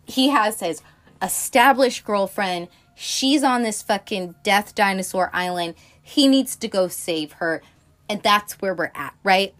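A woman's voice: medium pitch, animated, unhurried, fairly bright tone. Chatty, foul-mouthed woman reviewing films. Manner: chatty and profane, lots of fillers and asides. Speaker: film podcaster. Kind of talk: casual film review chat.

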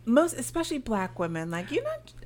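A woman co-hosting a podcast in casual chat, animated and emphatic with slangy asides. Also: on the high side, fairly quick, slight background noise. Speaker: podcast co-host.

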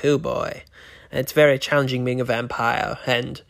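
A man's voice: medium pitch, steady tone, moderate pace, creaky, a bit bright, pitched below the performer's own voice. Vincent, a man doing a campy vampire host. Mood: campy morbid. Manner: campy, macabre, wry. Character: morbid pun-loving male vampire horror host. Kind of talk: campy horror-host monologue.

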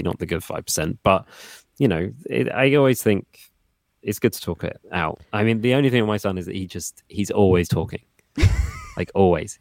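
A man co-hosting a podcast in relaxed casual chat, thoughtful and hesitant with many fillers. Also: sits low, gravelly, no room sound. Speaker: podcast co-host.

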